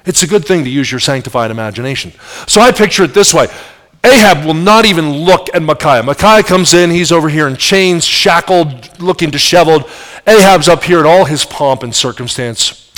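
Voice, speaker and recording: Animated middle-aged male preacher. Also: a little high, normal speed. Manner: animated storytelling, rhetorical questions. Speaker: pastor. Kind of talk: sermon. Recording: long reverb of large hall.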